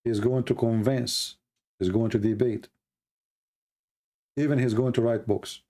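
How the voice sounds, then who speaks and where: A man hosting a livestream in non-native, broken English, talking emphatically with lots of "you know" and repeated words, and rising higher and more heated when he mocks his critics. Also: fairly even intonation, a little slow, warm tone. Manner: emphatic, grows heated and high-pitched when mocking critics. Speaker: livestream host. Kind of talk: casual spoken monologue.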